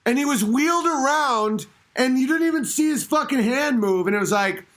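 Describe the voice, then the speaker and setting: A man hosting his own show, ranting in a profane, rambling, animated comedic monologue. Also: very high voice, normal speed. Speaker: show host. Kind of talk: comedic podcast rant.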